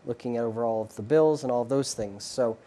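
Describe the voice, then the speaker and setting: A man, a Catholic priest, calmly explaining his work in a TV interview. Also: mid-range voice, quick pace. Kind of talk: interview answers.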